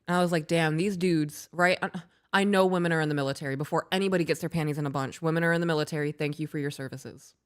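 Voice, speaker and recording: A woman's voice: low-pitched, fairly even intonation, rapid-fire, clean tone. A woman co-hosting a podcast in casual chat, talking bluntly with frequent swearing and laughing through her stories. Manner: blunt, profane, laughing while storytelling. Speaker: podcast co-host.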